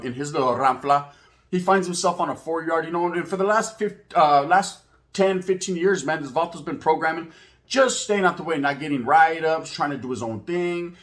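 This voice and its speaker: A man's voice: fairly high pitch, a bit bright. A man, hosting his channel and telling a story in a casual, profane street-slang style sprinkled with Spanish words. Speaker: channel host.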